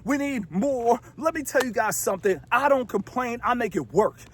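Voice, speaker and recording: A man delivers a preachy motivational talk straight into his phone while standing outdoors in the desert, hammering points home with rhetorical questions and repetition. His voice sits high for a man. Faint outdoor noise runs underneath. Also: expressive, normal speed. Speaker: motivational vlogger. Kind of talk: casual motivational monologue. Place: outdoors in a remote desert area.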